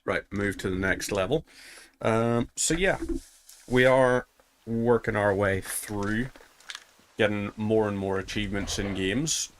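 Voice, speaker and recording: A man's voice: lowish voice, slow, a little hiss or hum. A man giving casual commentary while playing a game, chatting to himself as he goes. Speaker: gaming streamer.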